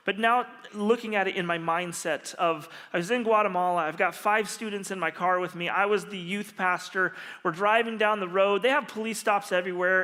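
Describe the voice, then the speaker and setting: A man preaching as a pastor, telling stories in an animated, humorous way. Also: high-pitched. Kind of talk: storytelling sermon. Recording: long reverb of a large hall.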